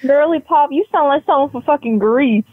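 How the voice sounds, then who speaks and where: A woman's voice: sits high, brisk, no room sound. Blunt woman over a tinny phone. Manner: blunt, skeptical. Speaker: prank call target.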